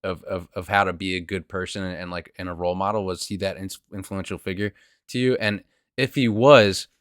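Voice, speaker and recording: A man's voice: deep voice, steady tone, a little fast, fairly bright tone, clear, resonant tone, no echo, clean studio sound. A man hosting a podcast interview, asking long questions with many restarts and fillers. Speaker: podcast host.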